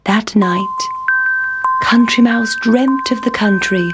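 A woman reading a children's story aloud in a gentle, clear storybook manner. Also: fairly high pitch, slow, loud music behind the voice.

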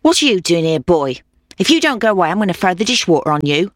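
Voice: medium pitch, big pitch swings, fast, fairly bright tone, no echo, studio quality. A storybook narrator voicing a bad-tempered, scolding female cook. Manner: scolding, snappish. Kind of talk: storybook reading.

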